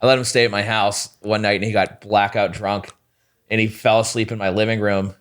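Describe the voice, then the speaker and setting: A man's voice: on the low side, flat delivery, fairly quick, a bit bright, clear, resonant tone. A man, a comedian guest on a podcast, telling stories animatedly and slipping into quoted voices. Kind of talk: casual chat.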